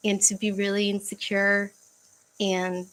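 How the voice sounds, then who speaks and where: A young woman chatting casually on a livestream from home, halting and searching for words, with frequent fillers and sighs. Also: mid-range voice, monotone, a bit bright, low-quality recording. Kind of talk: casual livestream chat reading comments.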